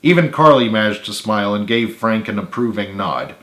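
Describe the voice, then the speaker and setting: A man, the author, narrating his own book in a steady read-aloud. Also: fairly low pitch, fairly quick, reverberant.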